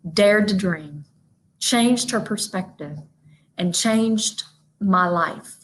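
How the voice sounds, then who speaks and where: A woman from North Mississippi with a Southern accent, giving a motivational keynote talk in a folksy, animated way, speaking straight to her audience. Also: fairly high pitch, poor audio. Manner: folksy, animated storytelling with y'all and asides to the audience. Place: virtual event from a room with a small audience.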